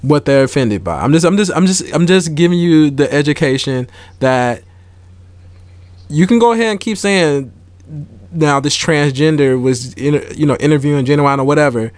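A man's voice: fairly high pitch, animated, moderate pace, no room sound. Earnest man explaining, dry sound. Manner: earnest, explaining patiently, many restarts. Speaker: podcast co-host. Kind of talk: casual chat.

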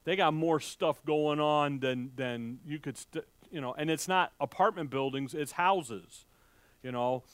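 A man preaching verse by verse in a conversational way, reading old scripture slowly and acting out the crowd's reactions in a raised voice, with halting restarts. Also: clean tone, dry recording. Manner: conversational, acts out the townspeople's voices with rising pitch. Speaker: pastor. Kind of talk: sermon, verse-by-verse Bible teaching.

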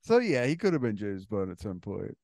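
Lively joking man on a podcast. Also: lowish voice, brisk, gravelly, dry recording, studio quality. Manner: lively, joking, rambling with restarts. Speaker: podcast co-host. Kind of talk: casual podcast chat.

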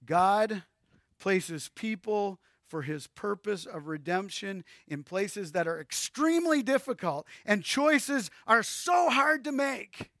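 A man's voice: high-pitched, animated, slow pace, a bit bright, no room sound, clean studio sound. A male pastor preaching a sermon with emphasis and addressing his listeners directly.

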